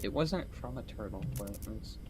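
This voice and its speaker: A man's voice: on the low side, animated, moderate pace, heavy background noise. A young man chatting casually during a game stream, rambling, swearing and laughing often. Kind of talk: casual gaming stream chat.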